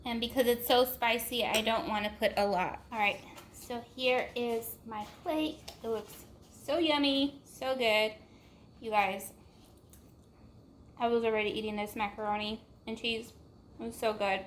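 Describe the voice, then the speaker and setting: A woman's voice: fairly high pitch, fairly even intonation, measured pace, a little hiss or hum. A young woman hosting a home cooking vlog, talking casually to her viewers with lots of fillers as she cooks in her kitchen. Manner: chatty, warm address to viewers with frequent fillers. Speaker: cooking vlogger.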